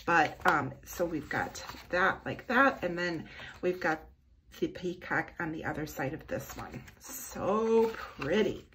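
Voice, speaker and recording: A woman's voice: fairly low pitch, very animated, noisy background. A woman chatting casually through a planner unboxing at her desk, gushing over each piece. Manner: gushing, effusive, slow and lingering on praise. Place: indoors at a desk.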